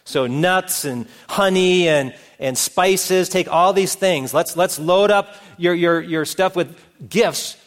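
A man's voice: sits high, slow. A middle-aged man preaching a sermon, retelling a story and acting out its characters' voices. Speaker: pastor. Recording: long reverb of a hall.

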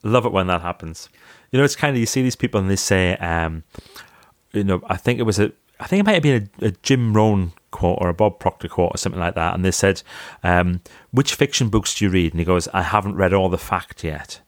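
A man telling lively, self-mocking stories in a casual chat over a video call from his office library. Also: low voice, fairly quick, no echo, studio quality. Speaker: podcast guest, author.

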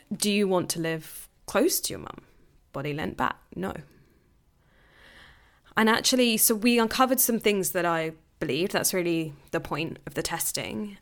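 A young woman hosting her own podcast, talking candidly in a casual monologue and laughing often. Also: medium pitch. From England. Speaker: podcast host.

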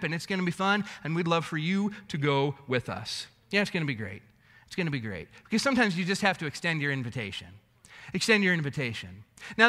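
A pastor with a high-pitched voice preaches a sermon built around a story, swinging animatedly between loud bursts and hushed asides. The hall's reverb makes the recording echoey.

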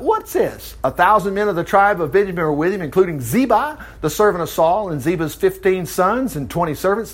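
A man leads a casual Bible study, his fairly high voice swinging widely as he reads scripture aloud. He keeps cutting in with excited asides between the verses. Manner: animated, interjecting comments while reading scripture aloud. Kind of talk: informal Bible study teaching.

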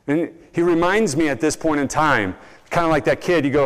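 A young man delivers a sermon in a voice pitched a little high. He tells stories with energy and slips into the voices of the people he quotes. His words ring out with a long reverb, as in a large hall. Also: a little slow. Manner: animated storytelling, acts out quoted voices. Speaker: preacher.

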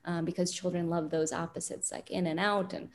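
A woman parenting expert calmly explaining advice in an interview, with many fillers. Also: lowish voice, slight background noise. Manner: calm, deliberate, frequent fillers.

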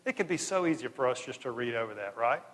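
A man's voice: mid-range voice, expressive, fast talker, fairly bright tone. A man preaching a sermon, telling the story in casual slang and acting out the dialogue. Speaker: pastor. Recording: long hall reverb.

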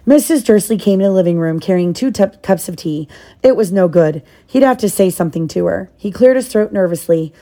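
A woman's voice: mid-range voice, brisk, mellow. A mother reading a children's novel aloud to her child, stopping now and then to explain things. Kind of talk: storybook read-aloud.

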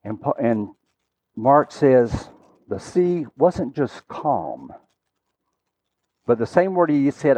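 Man preaching with dramatic hush and swell. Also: medium pitch, expressive, slow. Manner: dramatic storytelling, swinging from loud to hushed. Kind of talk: sermon.

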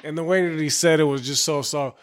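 A man from Chicago co-hosting a podcast, telling a long story in a rambling, profane way and clearing his throat often. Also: a little high, fairly even intonation, brisk. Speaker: podcast co-host. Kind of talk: casual storytelling chat.

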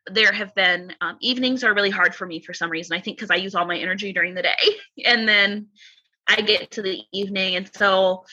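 A woman in her thirties talking candidly and reflectively about motherhood in a casual conversation, often pausing and restarting. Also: mid-range voice, sharp tone, slightly rough, muffled recording.

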